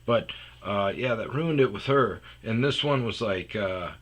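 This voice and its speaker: A man's voice: on the low side, a little slow, slight background noise. A man hosting a podcast, telling a rambling, self-mocking story in casual chat, full of fillers and restarts. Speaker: podcast host.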